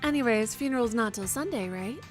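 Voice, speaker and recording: A woman voicing a friendly small-town diner server, speaking in a bright, cheerful, welcoming manner while reading a game aloud. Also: fairly high pitch, expressive, a little fast, soft background music, natural voice. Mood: chatty.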